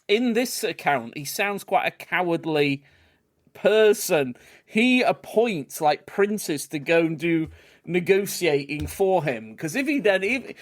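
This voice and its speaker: A man co-hosting a casual discussion podcast, reading passages aloud in a lively way. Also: sits high, dry recording. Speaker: podcast co-host.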